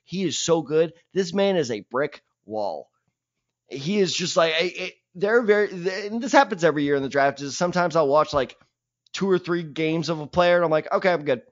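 A young man co-hosting a casual sports podcast, animated and opinionated with mock-dramatic rants, on a dull lo-fi mic. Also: fairly high pitch, normal speed.

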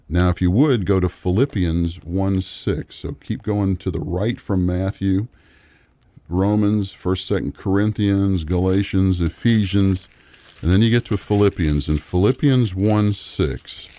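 A man's voice: low-pitched, a little slow, warm tone. A middle-aged man teaching the Bible on a radio program, guiding listeners through passages and reading verses aloud.

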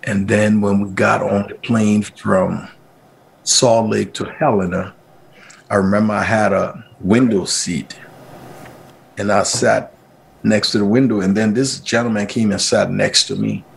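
A middle-aged Liberian man with a lowish, gravelly voice speaks a little slowly as an interview guest recounting his own story. He gets animated, acting out what others said in a raised, livelier voice, over a faint hiss or hum.

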